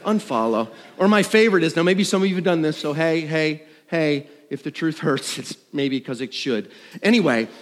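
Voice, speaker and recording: A middle-aged man preaching a sermon, swinging between loud and hushed. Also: on the high side, normal speed. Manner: animated, dramatic shifts between loud and hushed. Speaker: pastor. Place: church sanctuary. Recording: long reverb of a large hall.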